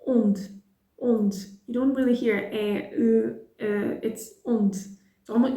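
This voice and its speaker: A woman from Portugal gives an online language lesson, playful and full of quick asides. Her voice is mellow and warm. The room around her sounds echoey. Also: mid-range voice. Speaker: language teacher.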